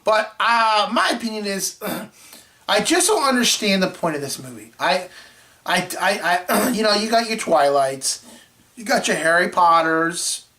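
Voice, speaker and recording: A man co-hosting a movie review show, telling a rambling story in casual chat and clearing his throat often. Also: sits high, expressive, unhurried, pushed and bright. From Florida.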